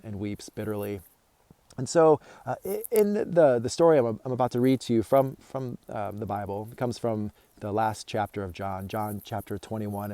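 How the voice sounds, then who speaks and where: A man with a mellow, smooth voice gives an informal sermon to parents. He talks in a relaxed, conversational way, often restarting his phrases. The sound is dry and close. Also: medium pitch, no echo. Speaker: church family ministry leader.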